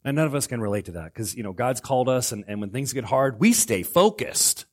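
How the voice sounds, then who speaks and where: A middle-aged man preaching a sermon as pastor, swinging between loud outbursts and hushed lines. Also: mid-range voice, sing-song, a little fast.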